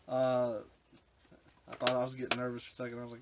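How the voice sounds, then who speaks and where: Guy unboxing retro games, all choked up, keeps trailing off, average pitch, noisy clicky audio. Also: monotone, fast talker. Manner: overwhelmed, choked up, trailing off mid-sentence. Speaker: retro game collector vlogger. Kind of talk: unboxing vlog. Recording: background hiss with clicks.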